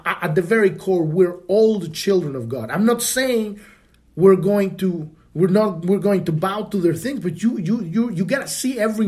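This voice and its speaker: High-pitched and slightly mellow, a male podcast host chats informally about spiritual matters. Profanity comes easily to him, and he frequently abandons a sentence to start it again.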